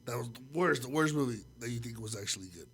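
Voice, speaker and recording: A man's voice: mid-range voice, expressive, fast talker, fairly bright tone, slight background noise. A man appearing as a podcast guest, chatting casually in a hesitant, tentative way. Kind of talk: casual chat.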